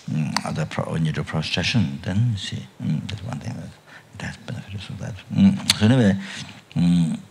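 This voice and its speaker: An older man giving a Buddhist dharma talk at a retreat, speaking haltingly with many restarts and trailing phrases, often coughing and clearing his throat. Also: sits low, a bit bright. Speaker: Buddhist teacher.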